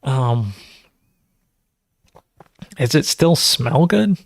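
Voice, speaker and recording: A man's voice: medium pitch, animated, extremely slow, creaky, no echo. A man hosting a casual livestream Q&A, rambling and conversational, full of fillers as he teaches natural farming.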